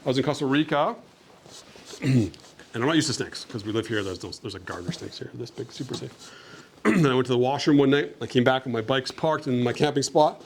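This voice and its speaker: Talking with a class of schoolchildren, a young man from Canada describes his travels and takes their questions in a casual, friendly, upbeat way, leaning heavily on "like." His voice is medium-pitched and brisk, and there's a bit of background noise.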